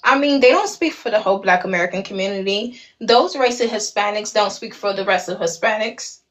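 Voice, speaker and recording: A woman's voice: medium pitch, fairly quick, a bit bright, rough recording. A woman with a Caribbean accent, speaking bluntly and swearing casually in an online panel discussion. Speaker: panel participant.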